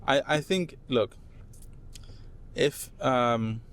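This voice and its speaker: A man from London with a London English accent, a podcast guest telling animated stories and tagging his points with "right?". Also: medium pitch, extremely slow. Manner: animated anecdotes, tags statements with "right?". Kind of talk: casual chat, storytelling.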